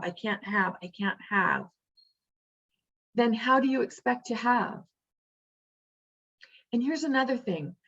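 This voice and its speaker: A woman's voice: on the high side, muffled recording. A woman giving an earnest, emphatic motivational teaching, repeating phrases for stress. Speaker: spiritual teacher.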